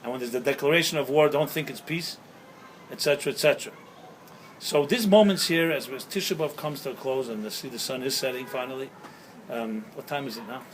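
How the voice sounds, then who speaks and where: Speaking as a rabbi outdoors at sunset, a man with a mid-range voice gives a sermon-style talk at a fairly quick clip, mixing stories, jokes and rhetorical questions to his listeners. The recording is rough, with a little hiss or hum.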